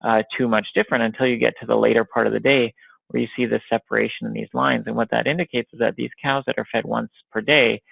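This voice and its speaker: A man giving a recorded academic lecture over slides, talking in a measured way with many fillers and restarts. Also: medium pitch, flat delivery, gravelly, fairly bright tone, slightly rough, no echo, poor audio. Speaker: dairy science researcher and lecturer.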